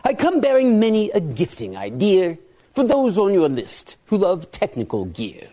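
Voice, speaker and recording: Man doing a Technoclaus, semi-Brooklyn accent, high pitched, rhyming verse. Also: huge pitch swings, moderate pace, dark tone, exaggerated voice. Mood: jaunty. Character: gift-giving Technoclaus, man, Brooklyn-tinged, jolly rhymer.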